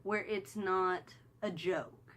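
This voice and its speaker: An excited woman chats casually through her weekly TV review, her pitch sitting squarely in the middle. She rambles with restarts and fillers, now and then sinking almost to a whisper. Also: takes it slowly, slight background noise. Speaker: TV review vlogger.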